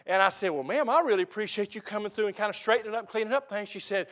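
Man, pastor, high-pitched voice, folksy emphatic sermon. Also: quick pace, hardly any pauses, a bit bright. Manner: folksy, emphatic preaching with rising exclamations.

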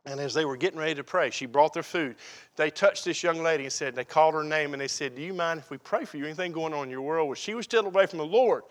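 A man preaches a sermon in a folksy, storytelling way, acting out the people in his anecdotes. His speaking voice sits a bit higher than most men's. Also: fast talker. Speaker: pastor.

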